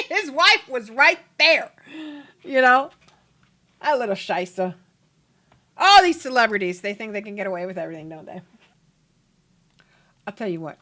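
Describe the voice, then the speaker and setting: A woman's voice: a little high, sharp tone. A woman hosting a let's play, chatting casually and laughing as she comments on her game.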